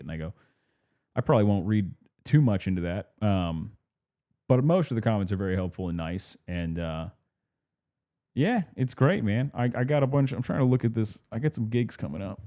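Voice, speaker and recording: Man, low voice, mellow tone, podcast host, rambling casual chat, laughs and acts out quotes. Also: big pitch swings, a little fast.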